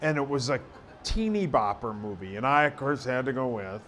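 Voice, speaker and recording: A man co-hosting a casual talk show, telling loud, joking stories. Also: medium pitch, animated, normal speed, a little hiss or hum. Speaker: podcast co-host. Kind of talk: casual chat. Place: live taping venue.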